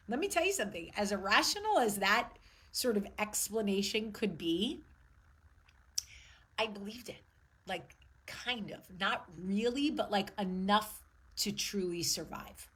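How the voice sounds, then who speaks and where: A woman's voice: mid-range voice, fairly bright tone, husky, low-quality recording. A woman in her forties hosting her own vlog, talking candidly and emotionally and swearing freely. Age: 40s. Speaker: show host. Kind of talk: candid personal vlog monologue.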